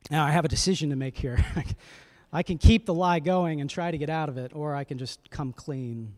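A man's voice: fairly high pitch, moderate pace, a little mellow. A man in his thirties, a pastor telling a family story in a conversational sermon, often checking in with his listeners.

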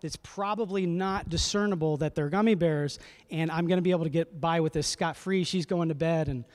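A man's voice: on the high side, fairly quick, darkish tone. A man in his thirties, a pastor telling a family story in a conversational sermon, often checking in with his listeners.

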